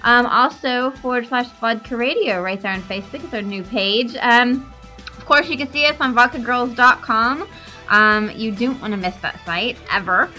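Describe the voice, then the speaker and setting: Bright-voiced woman hosting a talk radio show. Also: on the high side, moderate pace, faint music behind, rough recording. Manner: chatty, laughs often, many ums. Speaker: host. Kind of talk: casual radio chat.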